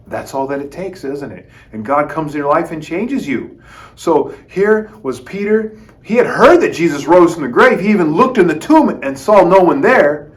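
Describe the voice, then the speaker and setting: A man teaching a children's Bible lesson as a lively story, talking straight to the kids and acting out the quotes. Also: a little high, normal speed. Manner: lively, addresses kids as "guys", acts out quotes.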